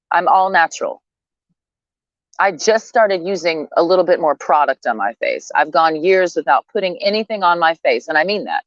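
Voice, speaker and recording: A woman's voice: low-pitched, dry recording, dull audio. A woman ranting bluntly and profanely in a rambling, casual way to camera. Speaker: vlogger.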